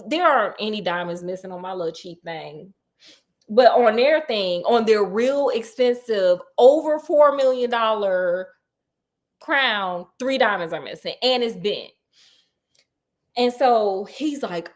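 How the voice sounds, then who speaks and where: A woman's voice: fairly high pitch, animated, measured pace. A woman retelling a story in a casual, chatty way, with digressions and laughing asides.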